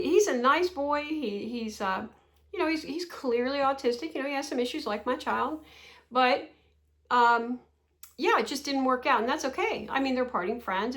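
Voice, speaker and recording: A woman in her sixties talks to the camera in a loose, rambling chat, her voice sitting a little high for a woman. She keeps breaking into small laughs and asking rhetorical questions. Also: fairly bright tone. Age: 60s. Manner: chatty, rambling, with frequent laughs and rhetorical asides. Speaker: vlogger. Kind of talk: casual talking-to-camera chat.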